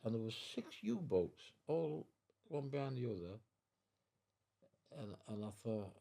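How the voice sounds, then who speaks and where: A man in his nineties telling his wartime story at home, halting and repeating words, acting out the voices of others. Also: on the low side, expressive, gravelly, mellow. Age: 90s. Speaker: veteran guest. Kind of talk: storytelling in an interview. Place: living room at home.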